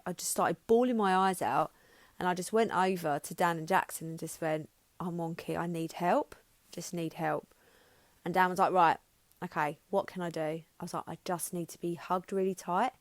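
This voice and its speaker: Woman, 30s, podcast host, low voice, dry close sound, candid and emotional. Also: steady tone, moderate pace, no room sound. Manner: emotional, frank, swears, restarts often. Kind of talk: candid personal monologue.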